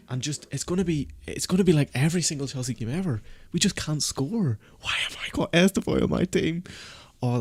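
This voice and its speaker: A man on a casual live stream, panicking and berating himself in a fast-swinging, swearing ramble. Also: mid-range voice, vocal fry, darkish tone, no echo. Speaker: fantasy football streamer.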